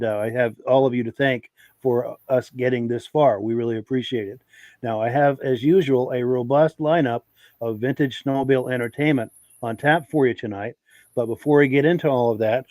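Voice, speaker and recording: A man hosting a live podcast with a gravelly voice and a lingering cough. He talks straight to his viewers in a friendly way. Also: medium pitch, darkish tone, no echo. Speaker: podcast host.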